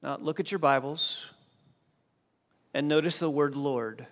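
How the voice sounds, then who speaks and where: A man preaching a sermon as a pastor, slow and emphatic, pressing hard on key phrases. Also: fairly high pitch, fairly even intonation. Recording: long reverb of a large hall.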